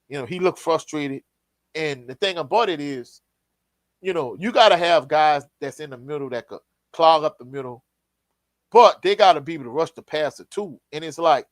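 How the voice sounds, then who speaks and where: A man with a fairly high voice rants through a postgame football reaction in blunt, exasperated slang, now and then reading out viewer comments. The recording is dry and close, with no room sound. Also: no room sound. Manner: blunt, exasperated and ranting, casual slang, reads out chat comments. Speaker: sports show host. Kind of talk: heated postgame football reaction, live stream.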